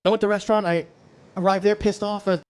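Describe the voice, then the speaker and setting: A man from Brazil doing stand-up, telling a story in an animated way, exclaiming and swearing. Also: sits high, fast, clear, resonant tone. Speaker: stand-up comedian.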